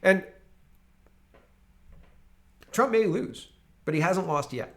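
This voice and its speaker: A man hosting a casual political commentary show, talking sarcastically and mockingly with lots of animated asides. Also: high-pitched, slow pace, pauses often.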